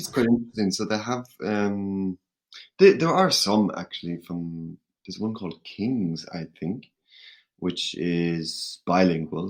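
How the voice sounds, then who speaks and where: A man from Ireland, a podcast guest in casual chat, talking in a measured, hesitant way. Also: low-pitched.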